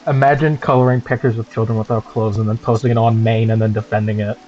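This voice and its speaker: A man co-hosting a stream, chatting casually and mocking people in profane, animated bursts. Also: on the low side, fast. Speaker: streamer co-host. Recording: dull lo-fi stream audio, faint music.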